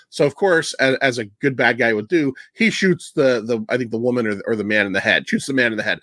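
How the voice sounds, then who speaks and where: A man hosting a casual movie podcast, retelling scenes with a laugh and quick put-on voices. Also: mid-range voice, animated, a bit bright, no room sound, clean studio sound. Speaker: podcast host.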